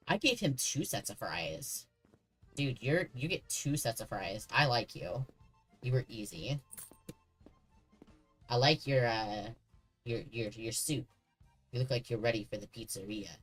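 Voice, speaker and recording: A man's voice: medium pitch, animated, normal speed, pauses often, fairly bright tone, husky, faint music behind, poor audio. A man streaming a horror game, chatting casually and joking with the characters on screen. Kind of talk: casual gameplay commentary.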